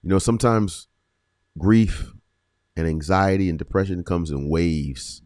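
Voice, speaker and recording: A man hosting a faith podcast, speaking earnestly with repeated phrases and slow, emphatic pauses. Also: low voice, darkish tone, dry recording, studio quality. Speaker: podcast host. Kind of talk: encouraging faith podcast talk.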